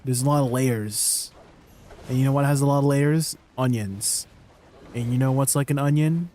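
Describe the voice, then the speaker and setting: A man's voice: mid-range voice, normal speed, warm tone, a little hiss or hum. A man streaming, chatting casually and playfully with viewers. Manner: playful, chatty, laughing, reacting.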